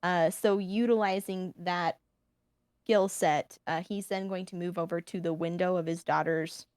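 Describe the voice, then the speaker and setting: A woman's voice: fairly low pitch, fairly even intonation, a little slow, darkish tone, smooth, no room sound, clean studio sound. A woman playing in a tabletop role-play game, describing her character's actions with many hesitations. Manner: hesitant, filler-heavy. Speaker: player.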